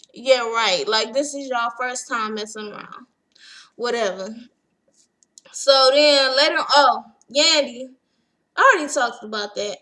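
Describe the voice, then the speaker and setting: A young woman breaks down a reality show episode in a loose, sassy vlog style. Her voice sits high and bright. She slips into quick impressions of what everyone said. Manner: chatty, sassy, acts out quotes. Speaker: TV recap vlogger. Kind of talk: casual show recap.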